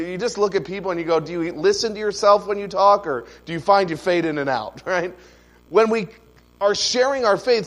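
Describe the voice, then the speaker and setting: Male preacher, high voice, casual pulpit style full of rhetorical questions. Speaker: pastor. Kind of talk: sermon.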